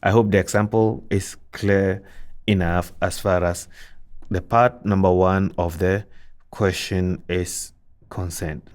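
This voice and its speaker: A man with a low, steady speaking voice explains recitation rules in an unhurried lesson. He repeats his points, poses questions and answers them himself, and breaks into chanted verses as examples. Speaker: Quran recitation teacher.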